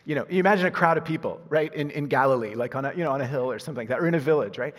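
A man preaching a sermon as a pastor, animated, moving from loud emphasis to hushed asides and laughing at himself. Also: fairly high pitch, very fast, hardly any pauses. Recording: husky voice in a reverberant hall.

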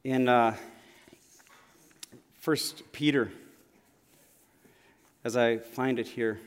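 A male pastor preaches extremely slowly, his mid-range voice holding a steady tone. He tells stories earnestly and conversationally during a sermon in a church sanctuary, where the large hall adds long reverb to the recording.

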